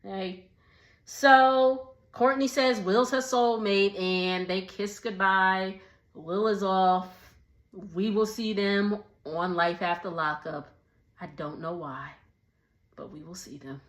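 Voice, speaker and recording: A woman's voice: mid-range voice, takes it slowly. Chatty woman recapping TV, echoey room. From Texas. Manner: laughs often, animated retelling with voiced quotes. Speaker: recap vlogger.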